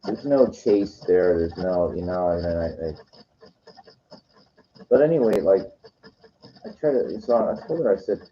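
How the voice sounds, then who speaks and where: Deep-voiced man rambling casually. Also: animated, a little slow, long pauses. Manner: meandering, heavy on "you know" and "like", frequent restarts. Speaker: weekend vlogger. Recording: dull lo-fi recording.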